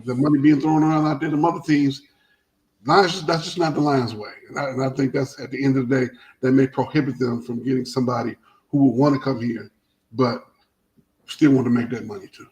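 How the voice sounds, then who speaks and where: A man hosting a casual sports talk show, telling stories in a rambling, animated way with many restarts. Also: medium pitch, a little fast, low-quality recording.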